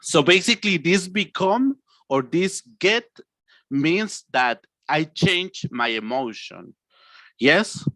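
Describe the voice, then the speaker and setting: Man, English teacher, bright voice, dry sound. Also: high voice, dry recording. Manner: animated, acts out emotions, stretches words slowly. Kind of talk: online English lesson.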